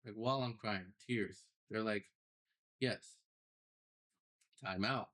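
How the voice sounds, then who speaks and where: A young man, a podcast guest, telling his personal story in a casual, animated way with loose slang. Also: on the low side, moderate pace. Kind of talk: storytelling interview.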